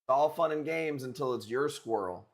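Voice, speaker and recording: A man's voice: medium pitch, normal speed. Casual joking man hosting a live sale. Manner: joking, rambling, crude banter with chat. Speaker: live stream host auctioning corals. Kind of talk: casual live auction chat.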